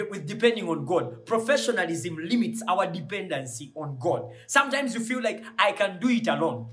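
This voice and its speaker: A man's voice: high voice, a bit bright. A man preaching a sermon with passion, building to emphatic peaks with repeated rhetorical questions, often repeating words as he searches for them.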